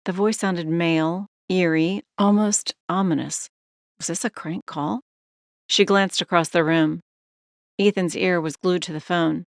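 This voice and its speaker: A woman reads an audiobook narration in a steady, measured way. Her voice sits on the low side, recorded close and dry with no room sound at all. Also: creaky, no room sound. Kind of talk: scripted narration.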